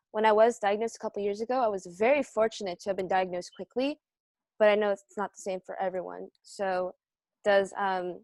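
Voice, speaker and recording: A woman's voice: medium pitch, no room sound, studio quality. A woman in the audience politely asking a question over a video call, a little hesitant.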